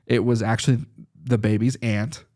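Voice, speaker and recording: A male guest on a casual podcast tells lively, anecdote-filled stories in a middle-pitched voice. He laughs often as he talks, and his delivery is loose and conversational. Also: normal speed. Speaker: chiropractor guest.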